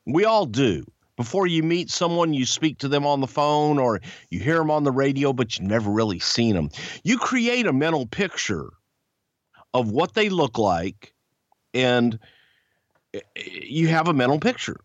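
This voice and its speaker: A man with a Southern accent co-hosting a podcast, telling a story bluntly with swearing and putting on excited voices. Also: mid-range voice, a little slow, no room sound, dull audio. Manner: blunt, profane, animated, puts on excited voices. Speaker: podcast co-host. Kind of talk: casual storytelling chat.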